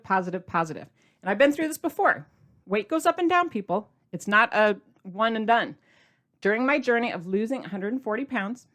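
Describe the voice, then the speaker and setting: A middle-aged woman hosting a podcast, talking to her listeners in an energetic, animated, casual way. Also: mid-range voice. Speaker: podcast host. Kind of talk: casual motivational podcast monologue.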